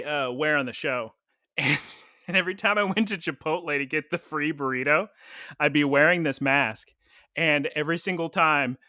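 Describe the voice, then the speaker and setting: A man's voice: on the high side, pushed and bright, dry recording, studio quality. A young man co-hosting a podcast, chatting casually and rambling through stories with frequent laughs. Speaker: podcast co-host. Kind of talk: casual chat.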